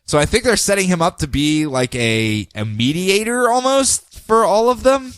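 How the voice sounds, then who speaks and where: A man's voice: high voice, big pitch swings, moderate pace, fairly bright tone, clean tone, no echo. A man hosting a podcast who recaps comics casually, in a joking, facetious way. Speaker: podcast host.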